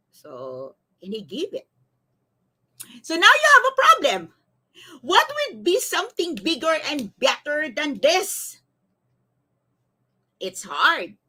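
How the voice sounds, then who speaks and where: A woman's voice: sits high, pushed and bright. A middle-aged woman, a life coach telling a story on a livestream, quizzing viewers and reading their comments aloud. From Philippines. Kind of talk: live-streamed motivational talk.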